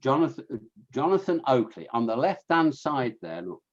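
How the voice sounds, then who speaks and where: A man's voice: medium pitch, big pitch swings, moderate pace, highs cut off. Chatty Fenland man giving a history talk. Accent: Fenland English. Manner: chatty, with frequent restarts and asides to listeners. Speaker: lecturer on scouting history. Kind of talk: illustrated history talk to an audience.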